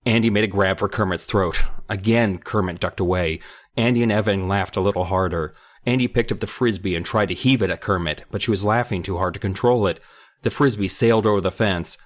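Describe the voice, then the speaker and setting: A man's voice: low voice, moderate pace. A man co-hosting a podcast, chatting jokingly and reading a book aloud. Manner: animated, jokey. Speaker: podcast co-host.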